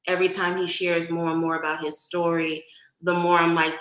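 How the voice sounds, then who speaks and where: A woman's voice: fairly low pitch, flat delivery, normal speed, reverberant, rough recording. Chatty Oakland woman streaming live. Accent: Oakland / Bay Area. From Oakland, California. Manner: chatty and warm, greets viewers by name, laughs often. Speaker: livestream host. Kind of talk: casual livestream chat.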